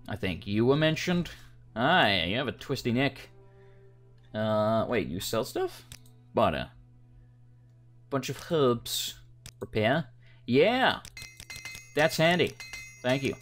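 A man's voice: mid-range voice, sing-song, normal speed, long pauses, soft background music. Sarcastic man playing a game. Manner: sarcastic, swears, mutters to himself. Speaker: let's play gamer. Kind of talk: casual gameplay commentary, reading game dialogue aloud.

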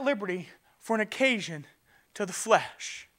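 A male pastor preaching a sermon with passion, swinging from loud urgency to quiet and often stammering and restarting. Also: sits high, normal speed.

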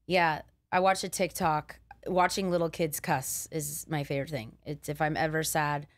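A young woman comedian hosting a podcast, chatting casually, brash and swearing freely with quick joking asides. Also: low-pitched, steady tone, dry recording.

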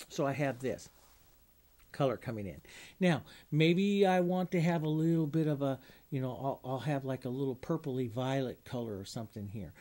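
A male art instructor talks through a flower-painting demonstration in a casual, unscripted way. His voice is mellow and dark-toned, set a touch higher than most men's. He poses questions to the viewer and answers them at once. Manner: casual, thinking aloud, asks and answers own questions.

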